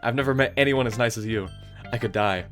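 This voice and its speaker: A man's voice: medium pitch, quick pace, fairly bright tone, soft background music, close to an everyday voice. A man reading aloud as a shy, obsessive teenage girl with a fixated, breathless way of talking. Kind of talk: reading game dialogue aloud.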